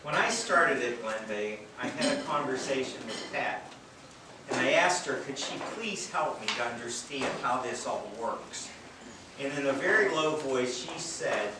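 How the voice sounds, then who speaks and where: A man's voice: mid-range voice, lively intonation, a little slow. A man giving a speech at a charity event, telling earnest stories with touches of self-deprecating humor. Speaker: treatment center director giving a speech. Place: event venue, indoors or under a tent. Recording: very echoey, distant from mic, noisy.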